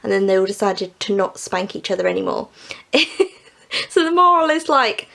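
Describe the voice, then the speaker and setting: A woman's voice: medium pitch, sing-song, moderate pace, vocal fry, a bit bright. A young woman retelling and reviewing stories in a casual, chatty way, laughing often and saying "like" a lot. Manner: chatty, giggly, peppered with "like". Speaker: book vlogger.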